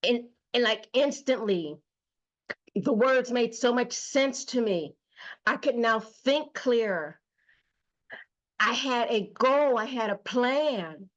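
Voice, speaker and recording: A woman hosting her own show, telling a personal story slowly and emotionally with emphatic repetition. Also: on the high side, animated, highs cut off. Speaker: host. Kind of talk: personal testimony monologue.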